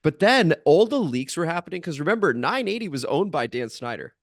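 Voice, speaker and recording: A man's voice: fairly high pitch, very animated, a little fast, no room sound, studio quality. A man co-hosting a casual sports podcast in an easygoing way, laughing often. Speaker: podcast co-host.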